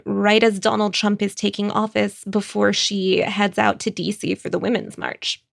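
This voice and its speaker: A woman recommending books in a casual, wry, conversational way, with quick asides. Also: mid-range voice, vocal fry, dry recording, studio quality. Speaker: book critic.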